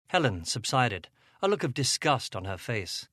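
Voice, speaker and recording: A man narrating an audiobook, expressive and giving each character a voice. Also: mid-range voice, normal speed, dry recording, studio quality.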